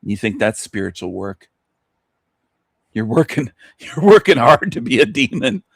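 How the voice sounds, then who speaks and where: A man's voice: a little high, dry recording, studio quality. A man hosting an online radio show, ranting scornfully at his listeners with mocking laughs and rhetorical questions. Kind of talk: scornful solo rant.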